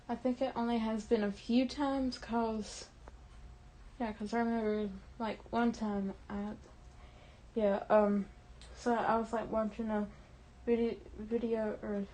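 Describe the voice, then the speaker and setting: A young woman talking casually to her camera, rambling with many restarts and fillers, her voice quiet and tearful. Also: mid-range voice, slight background noise, poor audio. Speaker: vlogger.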